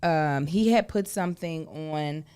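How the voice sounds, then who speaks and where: A woman's voice: low-pitched, unhurried, darkish tone, clean tone. A woman co-hosting a podcast, explaining things at length in casual talk. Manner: explains at length, with fillers and restarts. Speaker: podcast co-host. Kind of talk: casual chat.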